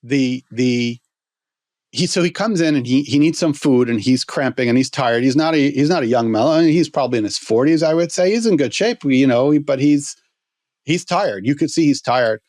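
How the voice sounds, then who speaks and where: A middle-aged man, a former fire lieutenant, tells an emotional story as a podcast guest, earnest and halting, often restarting his words. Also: medium pitch, darkish tone, no room sound, clean studio sound.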